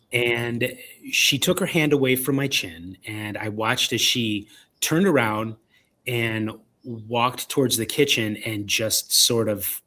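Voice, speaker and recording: A man's voice: medium pitch, sharp tone. A man with a Chicago accent, a podcast guest telling a personal ghost story, with lots of fillers and restarts. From Illinois, United States. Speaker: podcast guest, paranormal investigator.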